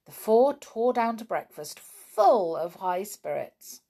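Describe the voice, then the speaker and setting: A woman's voice: fairly low pitch, lively intonation, takes it slowly, few pauses, dark tone. A woman reading a children's book aloud, with chatty asides to her listeners. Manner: chatty, informal asides between passages. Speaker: storyteller.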